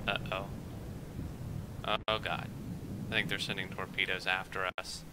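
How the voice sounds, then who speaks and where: A young man giving rambling, excitable gameplay commentary at his computer, quick to get worked up. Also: deep voice, very noisy. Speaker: let's play gamer.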